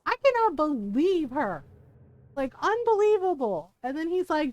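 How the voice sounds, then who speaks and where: A woman streams a game and rants at its characters, swearing freely in mock outrage. Her voice sits high and sounds close and dry. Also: lively intonation, normal speed, no echo, highs cut off. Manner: profane, ranting, mock-outraged. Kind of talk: casual game-stream commentary.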